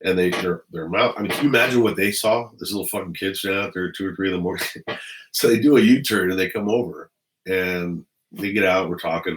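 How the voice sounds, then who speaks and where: Deep-voiced middle-aged ex-cop from the LA area, cussing a lot while he tells stories at home. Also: quick pace, low-quality recording. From Los Angeles area. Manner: blunt and heavily profane. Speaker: former police officer. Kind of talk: casual storytelling to camera. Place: at home indoors.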